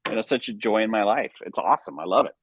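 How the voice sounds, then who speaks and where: A middle-aged man from the United States, a sports card collector, telling stories in an energetic, enthusiastic way. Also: fairly low pitch, quick pace, slightly rough, no echo, low-quality recording. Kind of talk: casual storytelling.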